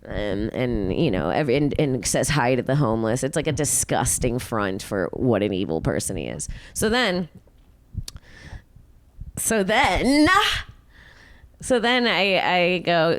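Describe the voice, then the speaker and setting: A woman's voice: unhurried, a little hiss or hum. A woman in her thirties hosting a podcast, telling a story casually and profanely, acting out quotes. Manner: animated, profane, acts out quotes with big pitch jumps. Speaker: podcast host.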